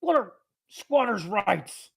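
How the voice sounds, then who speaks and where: A man voicing a blustering hippo-man ship captain who shouts indignant questions. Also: sits high, very animated, slow pace, gravelly, slightly rough, pitched above the performer's own voice, heavily acted.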